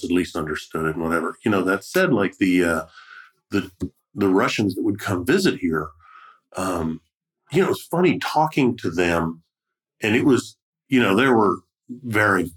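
A man's voice: sits low, fairly bright tone. A man hosting a podcast, talking casually and rambling with many fillers and restarts. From United States. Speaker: podcast host. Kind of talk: casual conversation.

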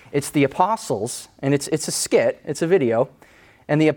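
A male pastor preaching a sermon in a conversational way, often restarting his phrases as he thinks aloud. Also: mid-range voice.

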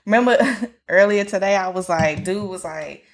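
A woman's voice: on the low side, normal speed. A woman hosting a podcast in casual chat. She tells stories with frank, profane humor and laughs at her own jokes. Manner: candid, profane, storytelling with laughter. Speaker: podcast host.

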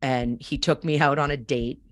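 A woman's voice: rumbling low, steady tone, moderate pace. Candid woman telling her story. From Boston. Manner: candid, chatty, acts out quoted dialogue. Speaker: podcast host. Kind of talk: personal storytelling.

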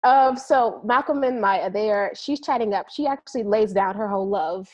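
A woman's voice: mid-range voice, normal speed. Chatty woman co-hosting a movie podcast. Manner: animated storytelling with quoted voices and laughter. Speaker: podcast co-host. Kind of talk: casual movie review chat.

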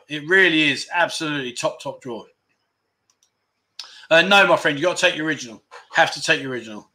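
A middle-aged man, talking on a relaxed livestream. His voice is bright and a little high, and his chat is upbeat and rambling. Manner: chatty, enthusiastic, repeats words for emphasis. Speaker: livestream host. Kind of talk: casual livestream chat reading viewer comments.

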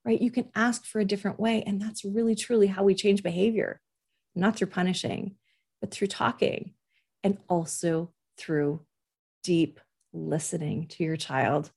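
A woman's voice: mid-range voice, steady tone, unhurried, vocal fry, a little mellow, slightly rough. A woman in her forties, a parent coach hosting a podcast and giving earnest, reassuring advice, who often acts out what parents and children say.

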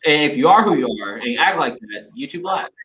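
Passionate male discussion participant, fairly high-pitched, very animated delivery. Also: a little fast, rough recording. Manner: passionate, emphatic, rhetorical questions. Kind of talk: group discussion.

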